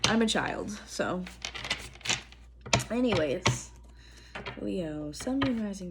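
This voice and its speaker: A young woman giving a casual tarot reading to camera. Her throat is strained and she talks in a chatty, relaxed way, clearing her throat often. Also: mid-range voice, slow, long pauses, very noisy. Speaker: tarot reader. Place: apartment room indoors.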